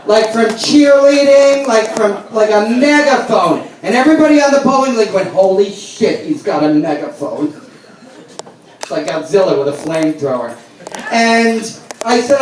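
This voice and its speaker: Loud brash New comedian. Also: male voice, high-pitched, moderate pace. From the Bronx, New York. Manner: loud, brash, animated storytelling to a crowd. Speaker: stand-up comedian. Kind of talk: stand-up comedy set. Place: brewery stage with a live audience. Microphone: handheld microphone. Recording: echoey room recorded from far off.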